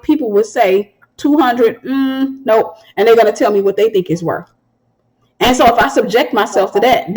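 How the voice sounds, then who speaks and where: Woman, thirties, ministry host, slightly high voice, lively storyteller. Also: low-quality recording. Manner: animated storytelling, acts out quoted voices. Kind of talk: preaching-style advice talk.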